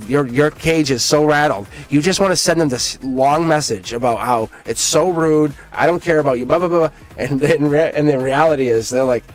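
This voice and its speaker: A man giving a live-stream tarot reading, excited and rambling, with frequent laughs and restarts. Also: on the high side. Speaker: tarot reader.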